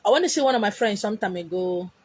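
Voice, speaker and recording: A young adult Nigerian woman telling a comic personal story, animated and exclaiming, mixing pidgin into her English. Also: mid-range voice, quick pace, husky, no echo. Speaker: vlogger.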